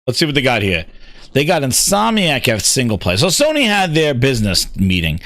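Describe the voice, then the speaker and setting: A man hosting a gaming show, ranting with constant swearing and excited repetition. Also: mid-range voice, a little fast, no room sound. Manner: excitable, swears heavily, repeats himself. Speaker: podcast host. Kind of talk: profane ranting gaming commentary.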